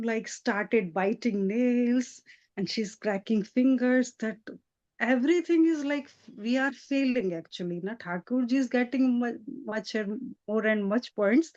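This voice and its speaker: A woman giving a devotional lecture, retelling a sacred story in an animated storytelling manner. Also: a little high, lo-fi sound. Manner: animated storytelling with frequent restarts. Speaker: spiritual lecturer.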